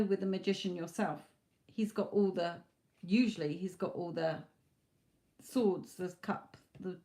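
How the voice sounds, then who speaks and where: Her voice warm and medium-pitched, a tarot reader chats on a live stream, reassuring viewers and frequently using "okay" and "you know." It's late at night, and she sounds worn out, her voice starting to go.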